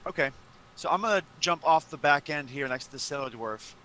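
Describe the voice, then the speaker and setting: A man playing a tabletop game, talking in a halting way with many fillers. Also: a little high, lively intonation, bright, forceful tone. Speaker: player.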